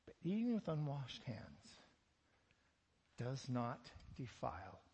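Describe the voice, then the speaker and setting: A man's voice: medium pitch, big pitch swings, slow pace, darkish tone, husky, in a large hall. A man preaching a sermon, asking rhetorical questions and dropping joking asides. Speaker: pastor.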